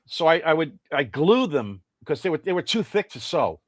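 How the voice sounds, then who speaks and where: An older man tells winding anecdotes as a podcast guest, circling back and restarting as he goes. His voice sits fairly high for a man. The sound is dry and close. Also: normal speed, no room sound. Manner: rambling, animated storyteller. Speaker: guest musician. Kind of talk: casual anecdotal interview.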